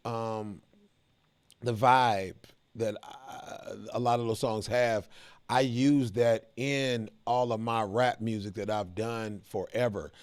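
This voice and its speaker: A middle-aged American man hosts a reaction video, offering casual commentary to his viewers in a laid-back, chatty way. His voice is medium-pitched with a clean tone, and there's no room sound.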